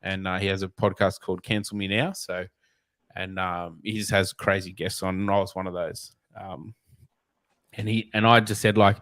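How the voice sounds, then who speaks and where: A man's voice: low voice, little pitch movement, moderate pace, a bit bright, no echo. An Australian man, a snake catcher guest, telling blunt, profane, rambling stories in a casual interview.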